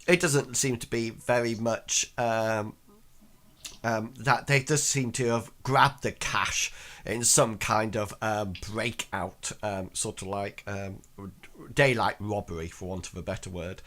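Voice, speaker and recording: A man's voice: lowish voice, fairly even intonation, takes it slowly, fairly bright tone. A man narrating as game master of a tabletop game in a rambling way with many fillers.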